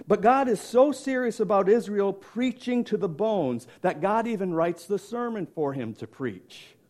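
A man's voice: high voice, a little mellow. A man preaching a sermon, telling a story dramatically and emphatically, asking questions of his congregation. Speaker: pastor.

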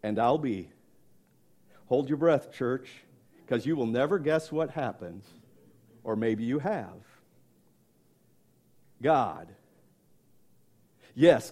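Slow, animated dramatic male preacher. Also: on the high side. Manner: dramatic, emphatic storytelling with questions to the congregation. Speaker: pastor. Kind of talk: sermon.

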